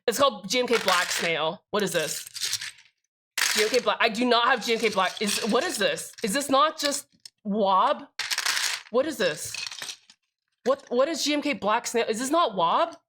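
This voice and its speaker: A woman's voice: a little high, animated, moderate pace, long pauses, noisy background. A young woman livestreaming as she builds a keyboard, rambling casually, cutting herself off mid-thought, swearing freely and answering her chat.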